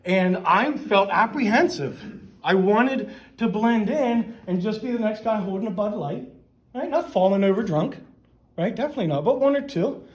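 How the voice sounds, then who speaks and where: A middle-aged man from Pennsylvania, a guest speaker, talks casually to a men's church gathering in a church meeting room. His high voice has lively intonation and a moderate pace, and he often says "right?" and "um" and restarts his sentences. The recording is low quality.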